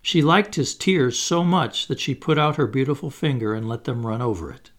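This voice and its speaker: A man narrating a children's storybook with an expressive, dramatic delivery that slows for suspense. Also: mid-range voice. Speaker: audiobook reader.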